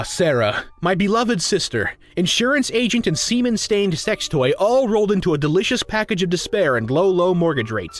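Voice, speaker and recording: High-voiced man reading absurd nonsense. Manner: deadpan delivery of nonsense, rapid-fire repeated shouting of swear words. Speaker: comedic reader. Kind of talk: absurdist comic narration.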